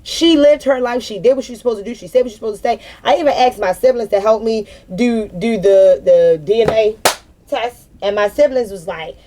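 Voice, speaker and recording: With background noise around her, a young spiritual vlogger speaks on the high side and fairly quickly. Unscripted and venting, she preaches bluntly, swears freely, and hammers home emphatic repeated phrases.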